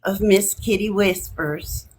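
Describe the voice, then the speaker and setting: A woman's voice: medium pitch, takes it slowly, crowd noise, close to an everyday voice, low-quality recording. A woman voicing an eccentric older woman who calls in as a regular, talking in a dramatic, aggrieved and theatrical way. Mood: sweet.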